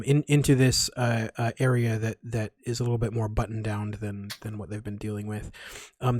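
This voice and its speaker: A man narrating as game master of a tabletop game, halting with many fillers and restarts. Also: medium pitch, a little mellow, dry recording, studio quality.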